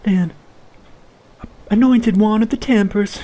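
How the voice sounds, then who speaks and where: Uomo in falsetto per una solenne ufficiante donna. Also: male voice, slow pace, warm tone. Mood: ceremonious. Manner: ceremonious, lofty speech.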